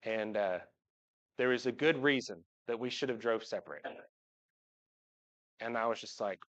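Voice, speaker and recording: A man with a lowish, fairly bright voice and a moderate pace tells his congregation about his family, blending humor and warmth. It's a personal church talk given from the front of the sanctuary, recorded as dull-sounding livestream audio.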